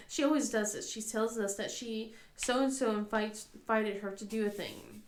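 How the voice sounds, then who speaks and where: Brief: rambling thirties woman, slightly high voice, casual chat, roomy echo. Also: normal speed, slight background noise. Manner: rambling, lots of fillers, laughs often. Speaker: crafting vlogger. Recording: echoey room.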